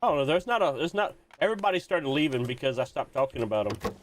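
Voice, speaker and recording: A man's voice: on the high side, sing-song, fast talker, slight background noise. A man streaming a game, chatting casually and ranting with opinionated restarts. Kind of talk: casual gaming stream chat.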